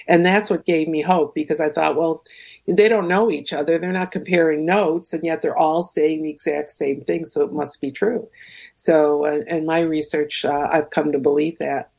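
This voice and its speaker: Gravelly-voiced woman guest, hesitant. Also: low-pitched, a little mellow. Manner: hesitant, many ums and uhs. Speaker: guest researcher. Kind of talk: radio interview.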